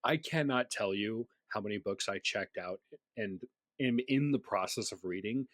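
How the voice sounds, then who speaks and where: A man's voice: on the low side, moderate pace, a bit bright, dry recording. Laughing man podcast co-host, dry sound. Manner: laughs easily, reads narration steadily. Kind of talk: casual chat and read lore summary.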